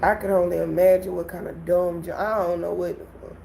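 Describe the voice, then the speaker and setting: A woman hosting a casual livestream, telling a story to her viewers in an animated way and laughing often. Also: on the low side, a little fast, vocal fry, slight background noise, rough recording. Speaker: livestream host.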